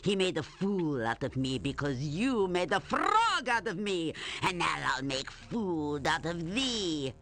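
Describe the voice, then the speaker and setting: A woman's voice: fairly low pitch, very animated, a little slow, hardly any pauses, noisy background. A woman voicing a gleeful, taunting old witch in a video game, who cackles and mocks her captive in a sing-song manner. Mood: gloating.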